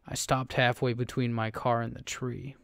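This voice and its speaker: Guy reading a creepy story, gravelly and super flat, dry close sound. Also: mid-range voice, normal speed, no room sound. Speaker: narrator. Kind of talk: scripted horror story narration.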